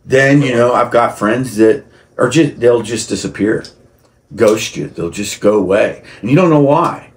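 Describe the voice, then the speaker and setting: Speaking a little slowly in a mid-range voice, a vlogger rambles through a personal monologue to camera. He keeps restarting and repeating words, and gets heated to the point of shouting.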